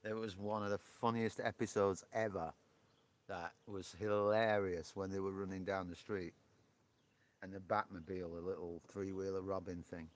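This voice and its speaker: A man's voice: sits low, steady tone, normal speed. A man hosting a live stream on a porch, chatting casually with viewers, joking and laughing often. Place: outdoor porch.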